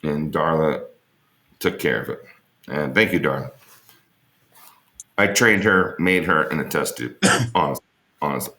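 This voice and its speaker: A man's voice: extremely low pitch, animated, a little slow, pauses often, pushed and bright, echoey room. A man being interviewed, telling rambling, joking stories in a casual way and swearing freely. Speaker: interview guest. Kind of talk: casual storytelling on an online interview.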